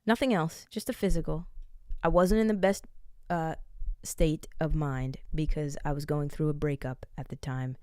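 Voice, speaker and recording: A woman's voice: deep voice, steady tone, moderate pace, darkish tone, clean tone, no echo, studio quality. A woman in her late twenties telling a personal story in a frank, rambling way, swearing freely. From United States. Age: late 20s. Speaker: vlogger. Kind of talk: candid casual storytelling.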